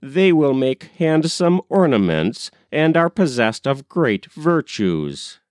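A man's voice: mid-range voice, very animated, takes it slowly, a little mellow, no echo, voice pushed up. A man reading aloud and voicing a wicked, scheming old male magician in a crafty, coaxing way, in a dry recording. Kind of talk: audiobook character reading.

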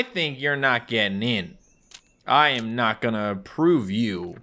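A young man doing goofy, comedic commentary while playing a game, jumping into loud excited outbursts. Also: medium pitch, measured pace. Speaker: gaming YouTuber. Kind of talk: comedic let's play commentary. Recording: faint game music behind.

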